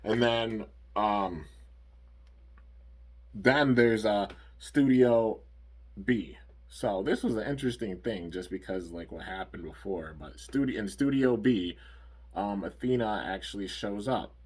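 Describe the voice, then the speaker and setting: Low husky man recapping casually. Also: measured pace. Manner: rambling, filler-heavy, frequent "like" and "you know". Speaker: anime episode reviewer.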